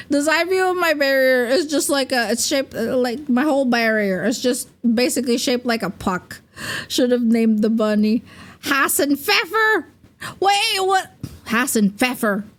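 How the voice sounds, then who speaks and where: Slow, giggly young woman streamer. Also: sits high, animated. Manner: rambling, giggly, full of fillers. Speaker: VTuber streamer. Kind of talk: casual livestream chat.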